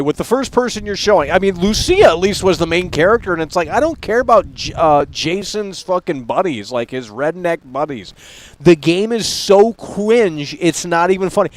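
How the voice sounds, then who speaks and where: A man's voice: high-pitched, a little hiss or hum. A man hosting a live stream talk show, ranting in a profane, exasperated way and laughing scornfully as he mocks what he sees. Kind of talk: unscripted live stream rant.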